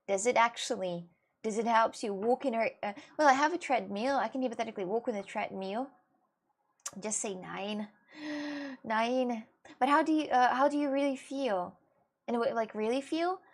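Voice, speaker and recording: High-voiced woman chatting to viewers. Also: normal speed. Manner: rambling, restarts, swings into mock outbursts. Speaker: live streamer. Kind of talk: casual chat with viewers.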